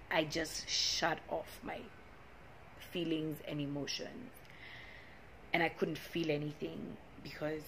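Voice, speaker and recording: A young woman recounts a painful relationship story to her vlog audience. Her voice sits a little low for a woman, and she talks in a loose, emotional way, full of restarts and sudden flare-ups. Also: bright, forceful tone, a little hiss or hum. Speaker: vlogger.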